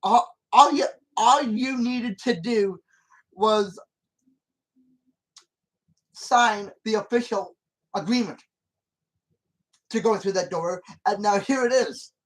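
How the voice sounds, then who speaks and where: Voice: mid-range voice, slow, long pauses, low-quality recording. A channel host giving casual commentary on a film, rambling and repeating points with many restarts and arguing emphatically with the character.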